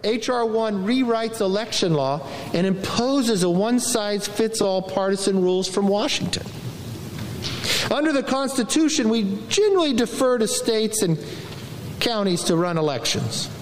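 A man's voice: sits high, expressive, normal speed, long reverb tail, a little hiss or hum, low-quality recording. A man making a combative speech at a hearing, delivering talking points. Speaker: politician speaking in a hearing.

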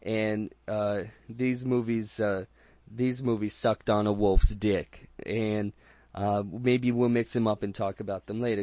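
A man's voice: on the low side, steady tone, unhurried, warm tone, no room sound. A man hosting a casual movie review chat, rambling and crude with frequent restarts and jokes. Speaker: podcast host.

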